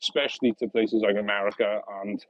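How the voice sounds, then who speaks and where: A young Welshman with a lowish, fairly level voice talks quite quickly to viewers of his outdoor live stream on an early summer evening, often laughing as he reads and answers their comments. He's using a phone on mobile data, so the sound is lo-fi, with no room sound.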